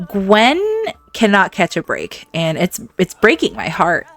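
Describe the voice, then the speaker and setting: A woman hosting a let's-play, giving game commentary in an animated way, laughing often and talking to her viewers. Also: medium pitch, a little slow, gravelly, no room sound. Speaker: gaming channel host.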